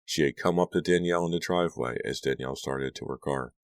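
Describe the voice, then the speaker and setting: Very deep-voiced man narrating an audiobook. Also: fast talker, no echo. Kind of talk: scripted narration.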